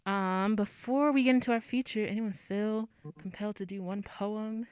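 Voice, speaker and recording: A woman's voice: medium pitch, steady tone, moderate pace, darkish tone, clear, resonant tone, dry recording, clean studio sound. A young woman hosting a poetry open mic, chatting in a casual, self-deprecating way. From United States. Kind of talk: casual chat.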